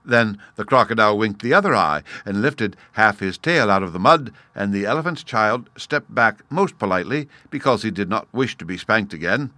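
A man's voice: fairly low pitch, dry recording. Man reading a storybook aloud. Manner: measured, expressive, addresses the listener.

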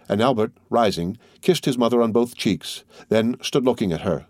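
A man narrating a classic novel as an audiobook in a measured storytelling manner. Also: mid-range voice, dry recording, clean studio sound.

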